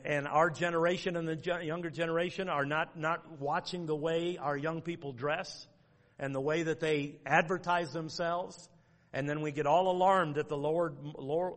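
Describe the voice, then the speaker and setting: A man's voice: a little high, fairly bright tone. Folksy preacher man in a reverberant hall. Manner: folksy, outline-driven preaching with quoted scripture. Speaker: pastor. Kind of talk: sermon.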